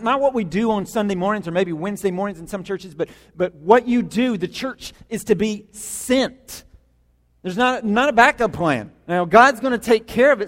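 High-voiced preaching man in a reverberant hall. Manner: emphatic, repeats words for stress. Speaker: pastor. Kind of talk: sermon. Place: church sanctuary.

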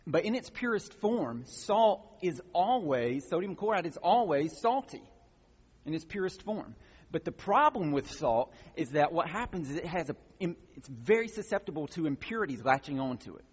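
Man, pastor preaching, husky voice, teaching then emphatic, dull muffled sound. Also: on the high side, big pitch swings, normal speed. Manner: teaching, builds to emphatic exhortations. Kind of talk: sermon. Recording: muffled sound with long hall reverb.

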